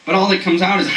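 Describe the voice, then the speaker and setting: Male comic, lively pitch, rambling stammery delivery, echoey room, off-mic. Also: recorded from a distance, muffled recording. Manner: rambling, stammering, chuckles at own jokes. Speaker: comedian. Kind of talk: rambling comedic monologue.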